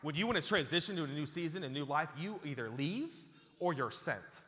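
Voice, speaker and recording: A man's voice: on the high side, lively intonation, brisk, fairly bright tone. A man preaching a sermon as pastor, emphatic and repeating phrases as he calls out to the congregation. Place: large church auditorium. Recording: hall reverb from a large church.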